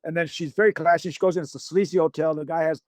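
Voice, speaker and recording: A man's voice: on the high side, steady tone, quick pace, darkish tone. A man, a guest on a podcast, telling a long anecdote in a rambling way, with many restarts and acted-out quotes. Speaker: series creator guest. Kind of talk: podcast storytelling.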